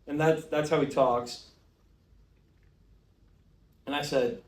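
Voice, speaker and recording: A young male host tears through an exaggerated comedic monologue with bombastic energy. His voice sits a bit high for a man. The mic is some distance away in a roomy, echoing space. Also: fairly even intonation, slow pace, long pauses. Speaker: show host.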